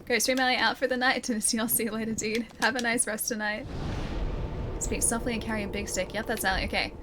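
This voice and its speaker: A woman's voice: fairly high pitch, little pitch movement, fast talker, background noise. A woman streaming a video game, chatting and giggling with her viewers as she plays. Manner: chatty, giggly, talks to chat while playing. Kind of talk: casual gameplay commentary. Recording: game music playing behind.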